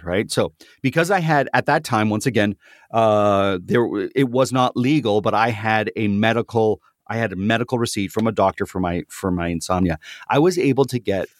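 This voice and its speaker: A man's voice: lowish voice, dry recording, studio quality. A man co-hosting a podcast in casual chat, talking freely and repeating words as he restarts. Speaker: podcast co-host.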